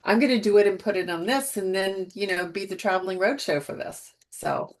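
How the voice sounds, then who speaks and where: A woman taking part in a coaching call, talking excitedly about her plans. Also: mid-range voice, fairly quick. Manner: excited, talkative. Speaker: workshop participant. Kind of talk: casual chat on a video call.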